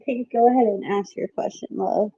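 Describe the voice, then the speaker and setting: Woman tarot reader on a live stream, mid-pitched and chatty, affectionate with viewers, dry and slightly muffled home audio. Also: steady tone, moderate pace, mellow, slightly rough, no room sound. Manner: chatty, apologetic, calls viewers babe and love. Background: children heard in the background.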